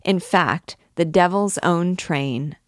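Casting: female reader voicing a swaggering young soldier, low voice, dry close sound. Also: no room sound. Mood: boastful. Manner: boastful, quick, rising to loud outbursts. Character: brash swaggering young male army captain.

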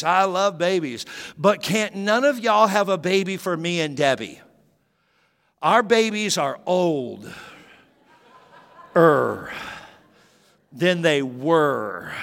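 A man in his fifties preaching from the pulpit of a large church, his fairly high voice swinging from easy joking to loud, emphatic bursts. The sound carries a long hall reverb. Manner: animated, jokey preaching with rising emphatic bursts. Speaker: pastor. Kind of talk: sermon.

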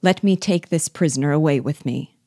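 Brief: woman voicing a proud, insistent man; low register, dry audiobook read. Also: a little fast, dark tone, dry recording. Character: proud distrustful male liberator. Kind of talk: audiobook character reading.

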